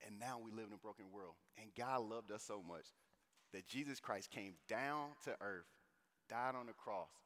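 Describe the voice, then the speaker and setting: Preacher man in a reverberant hall. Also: lowish voice. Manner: animated, conversational preaching with slang. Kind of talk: sermon.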